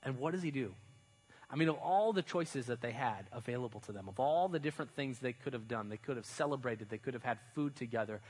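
A male pastor giving a relaxed, conversational sermon. He talks like a friend explaining a story, with slang and loose, chatty phrasing. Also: medium pitch, fast, breathy edge, low-quality recording. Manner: chatty, uses slang and fillers, dramatizes stories.

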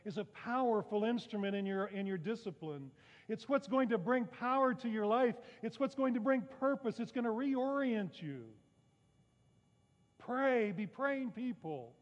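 A man with a high voice preaches in a church sanctuary, keeping it conversational with rhetorical questions and wry jokes at his own expense. The sound is somewhat muffled, and a long reverb trails behind him. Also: a little slow. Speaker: pastor. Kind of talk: sermon.

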